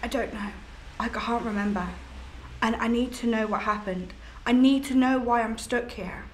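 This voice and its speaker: A woman's voice: a little high, fairly even intonation, normal speed, a little hiss or hum, lightly acted. A woman playing a frustrated young woman ghost. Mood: pleading. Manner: anguished, swearing outbursts. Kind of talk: film drama acting.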